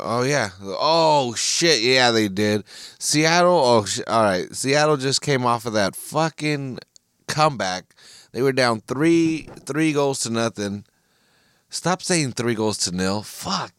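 A man's voice: lowish voice, a bit bright, smooth, no echo, studio quality. An American man hosting a solo podcast, ranting in a frustrated, profane way and often restarting his sentences. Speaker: podcast host. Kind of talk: solo casual podcast rant.

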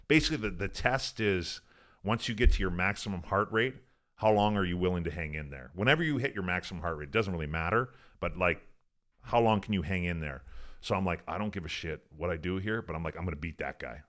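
A man's voice: deep voice, a bit bright. A man, a former pro hockey player from Alberta, telling a long, profane, rambling story in a casual interview, full of "like" and "I'm like.". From Alberta, Canada.

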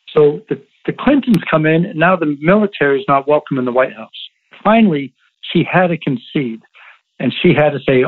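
A man's voice: fairly high pitch, moderate pace. A man, a guest in an interview, telling stories emphatically and repeating himself. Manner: emphatic, repetitive storytelling. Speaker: interview guest, former Navy SEAL. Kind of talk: interview over the phone. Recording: tinny phone line.

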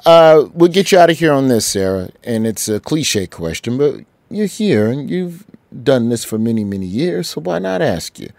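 A man's voice: medium pitch, normal speed, creaky, dry recording. Guy hosting a podcast, jokey, voice jumps all over, dry close sound. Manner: joking, animated. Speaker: podcast host. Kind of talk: casual chat.

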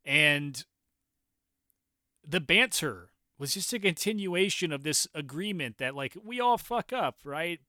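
A young man casually telling a personal story, animated and profane, often laughing. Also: medium pitch, no echo, studio quality.

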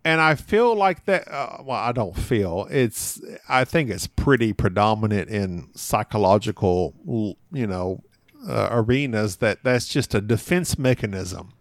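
A man's voice: on the low side, animated, unhurried, no echo. A man appearing as a podcast guest who tells stories in a loose, chatty way, laughing often mid-sentence and poking fun at himself. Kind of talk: casual conversational storytelling.

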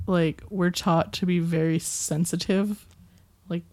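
A woman chatting as a podcast guest, speaking in a measured, hesitant way with many fillers. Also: fairly low pitch, fairly even intonation, darkish tone. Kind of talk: casual chat.

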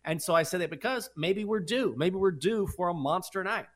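A man's voice: high-pitched, brisk. A man co-hosting a sports betting podcast, talking in casual, self-deprecating banter.

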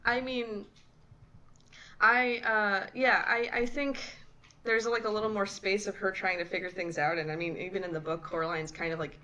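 A woman's voice: medium pitch, fairly even intonation, normal speed, pushed and bright, low-quality recording. A woman co-hosting a podcast in casual chat, hesitant with many fillers and giggles. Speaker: podcast co-host.

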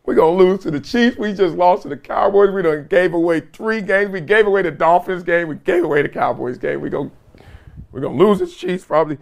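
A middle-aged man hosting his own show, chatting casually and reading viewer comments, cocky and quick to laugh. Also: vocal fry. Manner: animated, cocky, laughing often, swings from loud to low. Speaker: show host.

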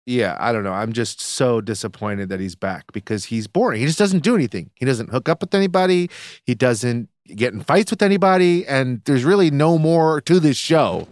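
A man co-hosting a casual podcast who rants sarcastically and swears freely. His pitch leaps around a lot, mid height for a man. The sound is close and dry. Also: animated, normal speed, no echo. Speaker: podcast co-host. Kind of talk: casual chat.

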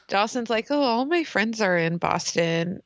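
Animated woman with a lively voice. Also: medium pitch, slow, no room sound. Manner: animated, laughs a lot, swears casually. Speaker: podcast co-host. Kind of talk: casual chat recapping a TV episode. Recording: slightly dull lo-fi sound.

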